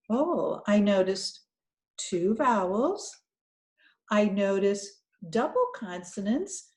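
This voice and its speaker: A woman teaching a children's reading lesson, talking slowly and encouragingly as she thinks aloud. Her voice is mellow and soft-edged. The sound carries some room echo. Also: fairly high pitch.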